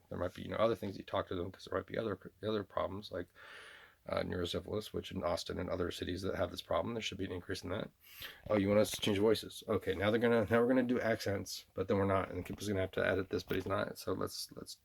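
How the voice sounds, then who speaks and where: A man's voice: low-pitched, gravelly, husky. A man vlogging in a rambling monologue, full of restarts and repeated words.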